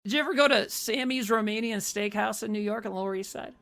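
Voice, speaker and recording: A man's voice: high-pitched, fast, creaky, bright, forceful tone. A man co-hosting a podcast, recapping a horror movie in casual, swearing, rambling chat. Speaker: podcast co-host.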